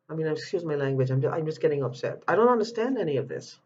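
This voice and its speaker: A man's voice: on the high side, lively intonation, quick pace, few pauses, a little mellow, husky. A man speaking in an upset personal video, agitated, repeating himself and breaking off mid-word as he pleads for help. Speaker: vlogger asking for help. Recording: dull lo-fi audio.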